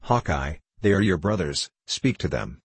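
A man's voice: deep voice, sing-song, normal speed, breathy edge, dry recording, heavily acted. A man voicing a grave, dignified old warrior. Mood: solemn. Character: grave older male warrior, calm and dignified. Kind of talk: audiobook character reading.

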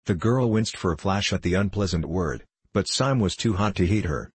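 A man narrating a novel in an audiobook, in a measured, storytelling way. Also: low-pitched, animated, slightly rough, no room sound. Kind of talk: scripted narration.

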